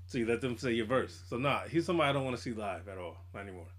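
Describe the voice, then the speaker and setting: Talking rapid-fire at medium pitch, a podcast co-host tells stories in casual chat. He's animated and slangy, acting out what other people said.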